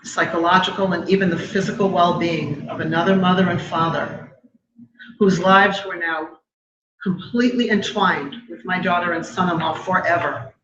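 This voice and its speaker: A middle-aged woman giving a personal testimony at a memorial event, measured and emotional, with pauses. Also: on the low side, steady tone, crowd noise. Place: live event hall. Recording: echoey hall, dull sound, noisy.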